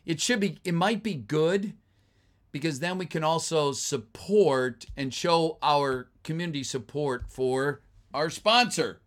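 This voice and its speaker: A man hosting a casual live stream, chatting with viewers, thanking them and answering their messages with plenty of fillers and sudden excited outbursts. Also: on the high side, a little slow. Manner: chatty and grateful, with frequent fillers and bursts of excited exclamations.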